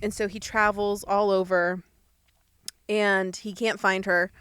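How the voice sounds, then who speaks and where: A woman's voice: mid-range voice, level tone, slow pace, fairly bright tone, clean tone, dry recording, clean studio sound. A young woman co-hosting a podcast, recapping a movie in casual chat, laughing often and full of fillers. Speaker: podcast co-host.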